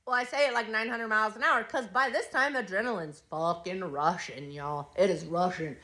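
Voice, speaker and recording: A woman's voice: mid-range voice, moderate pace, bright, forceful tone. A woman hosting a podcast, telling a personal story in a blunt, rambling way full of swearing. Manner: blunt, profane, rambling retelling. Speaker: podcast host.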